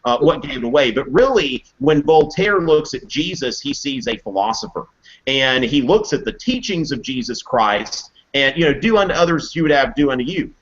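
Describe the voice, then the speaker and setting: A man teaching history in a casual live video Q&A, chatty and animated, acting out quotes in playful voices. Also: mid-range voice, normal speed, lo-fi sound. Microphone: webcam mic on a video call.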